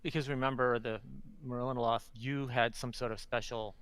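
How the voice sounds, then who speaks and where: A man's voice: mid-range voice, steady tone, normal speed, a bit bright. A man playing a tabletop game, stammering and restarting often. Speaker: player. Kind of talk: casual tabletop play.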